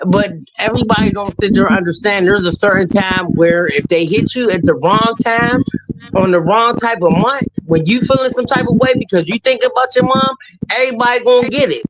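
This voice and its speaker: A man's voice: high-pitched, fairly quick. A man with a Southern US accent calling into a live stream, talking in a loose, profane way with lots of filler phrases. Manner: loose and profane, with frequent "sit there" filler. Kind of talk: casual live-stream chat. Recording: heavily noisy call audio.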